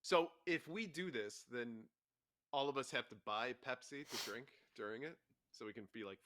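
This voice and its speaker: Laid-back male podcast co-host, bright tone, dry close sound, swears casually. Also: mid-range voice, normal speed, no room sound. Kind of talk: casual chat.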